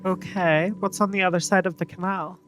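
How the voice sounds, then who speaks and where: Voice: mid-range voice, fairly even intonation, brisk, a bit bright, soft background music. A streamer casually commenting and reading dialogue while playing a game, with chatty asides.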